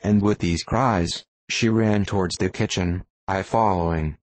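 Give me a low-voiced man reading a novel aloud. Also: steady tone, a little slow, no echo. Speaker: volunteer reader. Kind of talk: audiobook narration.

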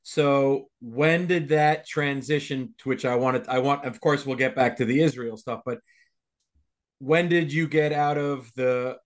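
A man hosting a podcast who asks halting questions and rephrases them as he goes. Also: mid-range voice, fairly even intonation. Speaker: podcast host. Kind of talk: interview questions.

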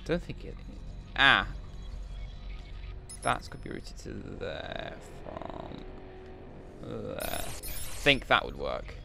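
Male gamer, unhurried low voice, thinking aloud while playing, clear background music. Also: very animated. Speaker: gaming video host. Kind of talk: let's play commentary.

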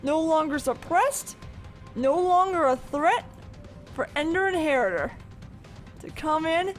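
Man, let's play gamer, casual commentary, chatty, slow delivery, faint game music behind. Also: very high voice, animated. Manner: chatty, swears freely, reacts aloud.

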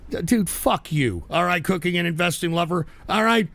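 Gravelly high-voiced man ranting angrily. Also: lively intonation, a little fast, no room sound. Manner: profane, combative ranting with sudden shouts. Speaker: streamer reading donations. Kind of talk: live call-in style radio stream.

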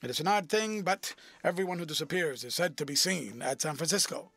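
A man reading the part of a witty, cynical aristocratic gentleman with an amused, epigrammatic delivery. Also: a little high, fairly quick, no echo.

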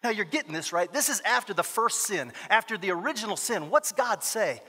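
A man telling a story in a chapel sermon, animated, with joking asides and dramatic quoted voices. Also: sits high, a little fast, husky. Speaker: guest chapel speaker, former youth pastor. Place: university chapel. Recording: echoey hall.

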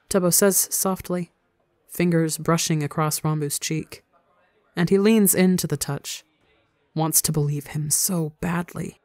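Calm, dry-sounding story narrator. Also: medium pitch, unhurried, no echo. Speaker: audiobook reader. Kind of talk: fanfiction audiobook narration.

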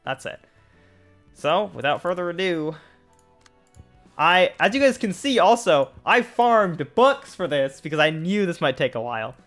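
A man's voice: fairly high pitch, very animated, unhurried, a bit bright. A young man streaming a card game, chatting casually in a rambling way with lots of fillers and restarts. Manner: rambling, many fillers and restarts, laughs easily. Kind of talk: casual gameplay chat. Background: faint game music.

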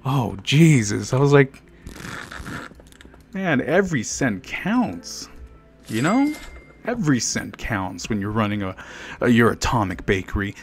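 A man narrates his gameplay in a relaxed let's play, cracking jokes and greeting the game's characters as if they could hear him. He takes his time between phrases, yet his voice leaps up and down with lively swings. Faint game music plays quietly behind him. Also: medium pitch, a little slow, pauses often. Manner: jokey, chatting to game characters and to himself. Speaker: gaming video host. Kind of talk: casual let's play commentary.

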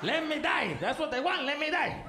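A drunk, self-pitying uncle, put on by a man, grumbling. His voice swings between low mutters and high wails, and it echoes in a noisy room. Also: sing-song, normal speed, crowd noise. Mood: bitter. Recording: echoey room with background noise.

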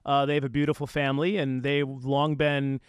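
Man, panel host, smooth voice, dry studio mic, casual and conversational. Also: mid-range voice, little pitch movement, brisk, no room sound. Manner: leads the segment with frequent "uh" fillers.

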